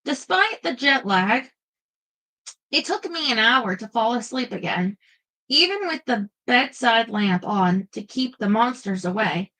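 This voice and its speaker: A woman reads a first-person paranormal romance aloud with playful expression. Her voice is bright and fairly high, and she drops into loose, chatty asides between passages. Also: lively intonation, a little slow, poor audio. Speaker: audiobook narrator.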